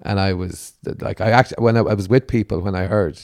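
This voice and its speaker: A man's voice: lowish voice, steady tone, fast, vocal fry, no echo, clean studio sound. A middle-aged man, a comedian guest telling stories in casual podcast chat and acting out the people he quotes. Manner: vivid storyteller, acts out the people he quotes.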